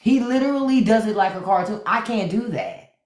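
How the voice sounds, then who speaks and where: A woman's voice: medium pitch, fairly quick, darkish tone. A woman hosting a live stream in casual chat, candid and laughing, swearing freely. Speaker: livestream host. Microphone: phone during a live stream. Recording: echoey room.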